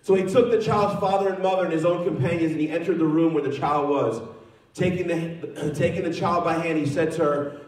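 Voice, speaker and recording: A man's voice: fairly high pitch, fairly even intonation, fairly quick. A man preaching a sermon as pastor, earnest and repeating phrases with frequent restarts. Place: church sanctuary. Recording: echoey church hall, mic at a distance.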